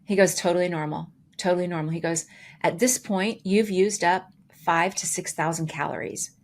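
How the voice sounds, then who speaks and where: A woman co-hosting a podcast, casually telling a story with lively, acted-out quotes. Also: fairly low pitch, normal speed. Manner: animated, acts out quoted dialogue with voices. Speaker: podcast co-host.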